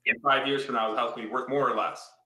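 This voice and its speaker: Man, 50s, from Michigan, upbeat storytelling investor; forceful tone in an echoey room. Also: medium pitch, steady tone, rapid-fire. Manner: enthusiastic, storytelling, explains with repeated "right?". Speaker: real estate investor. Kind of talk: casual podcast conversation. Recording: roomy echo.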